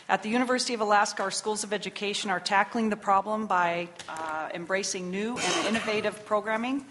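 A woman in her sixties giving measured, earnest testimony to a legislative committee from prepared remarks. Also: mid-range voice, a bit bright, a little hiss or hum. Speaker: invited testifier. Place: committee hearing room.

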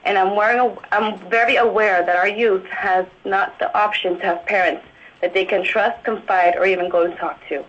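A young woman from Alaska reads her prepared testimony in an earnest, steady voice. Her pitch sits in an ordinary middle range. The sound comes through a dull, muffled line. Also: normal speed. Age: young adult. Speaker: public testifier.

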